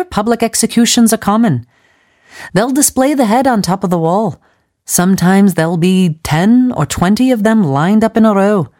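Narrator voices a stern seventy-something missionary woman, unhurried, matter-of-fact lectures. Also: mid-range voice, dark tone, voice pushed up, close to an everyday voice. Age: 70s. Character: gruff old missionary woman, calm and stern.

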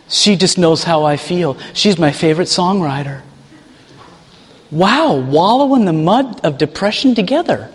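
A man preaching a sermon to his congregation, animated, now and then mocking people in put-on voices. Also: high voice. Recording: long hall reverb.

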